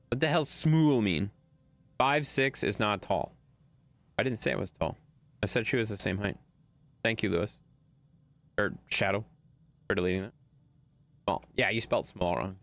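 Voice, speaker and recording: A male game streamer from Wisconsin talks to his viewers as he plays. He is blunt, swears freely and argues with chat. His voice is animated and swings widely in pitch. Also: vocal fry.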